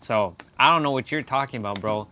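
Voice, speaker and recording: A man from Canada chatting casually on a live stream, rambling and animated, laughing often as he talks to viewers. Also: medium pitch, fairly quick, a little hiss or hum.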